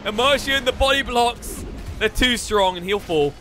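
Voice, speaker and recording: A man casting a live video game match with rapid, excitable play-by-play. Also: extremely high pitch, soft background music. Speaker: esports caster.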